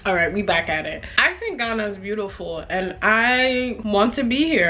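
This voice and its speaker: A young woman from Nigeria casually telling stories as a vlogger, animated, laughing often and acting out what people said. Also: medium pitch, normal speed, few pauses. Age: young adult. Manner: animated, laughs often, acts out quoted voices. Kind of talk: casual storytelling chat.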